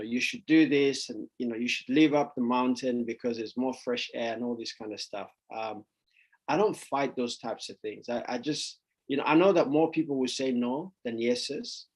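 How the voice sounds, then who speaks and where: A man coaching on sales in a casual Q and A over a video call, rambling and repeating himself, now and then acting out parents yelling no in a much higher voice. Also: poor audio. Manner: rambling, repeats words, stumbles; acts out parents yelling no, voice jumping high. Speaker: sales coach answering questions. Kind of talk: casual Q and A session.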